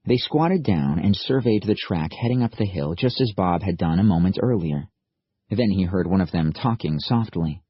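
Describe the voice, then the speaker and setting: A man narrating an audiobook in a steady, measured storytelling manner. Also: low voice, husky, dry recording, muffled recording. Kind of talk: scripted narration.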